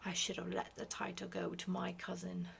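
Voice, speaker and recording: A woman's voice: fairly low pitch, monotone, normal speed, creaky, slight background noise. A woman whispering as a raging old duke. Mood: despairing. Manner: blustering, shouting in bursts. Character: stern, furious old duke obsessed with bloodline. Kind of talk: whispered role-play.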